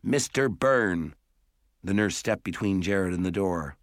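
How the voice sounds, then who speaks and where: Low-voiced man narrating a story. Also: steady tone, normal speed, no room sound, clean studio sound. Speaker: audiobook narrator. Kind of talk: scripted narration.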